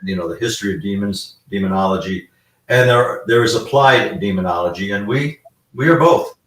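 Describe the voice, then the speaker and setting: A man's voice: fairly low pitch, brisk, fairly bright tone, reverberant, distant mic, poor audio. A man guest explaining his research in a casual live-stream chat, rambling with frequent fillers. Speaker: guest demonologist.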